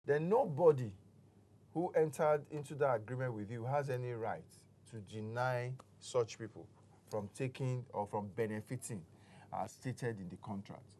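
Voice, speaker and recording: A man's voice: mid-range voice, normal speed. A man with a Nigerian English accent, a real estate expert explaining deals on a studio talk show in an emphatic, explanatory way. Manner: explanatory, emphatic, grows animated.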